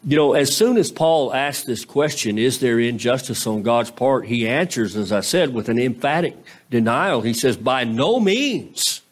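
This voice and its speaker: A man preaching a sermon in a conversational style, posing rhetorical questions to the congregation, his pitch swinging between raised and low. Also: normal speed. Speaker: pastor.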